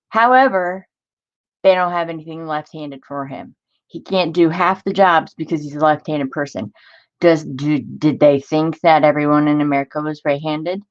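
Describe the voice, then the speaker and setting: A woman who hosts a crafting channel vents during a casual stream, sounding exasperated as she answers viewers in the live chat. Her voice sits low at a moderate pace, and the sound is lo-fi.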